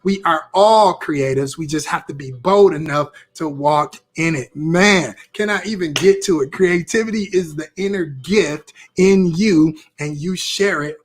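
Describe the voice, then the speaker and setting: Husky guy running a live stream class, hyped, keeps repeating stuff and reading chat. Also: fairly high pitch, unhurried, few pauses. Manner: upbeat, repeats phrases, reacts to viewer comments. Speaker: author and creativity teacher.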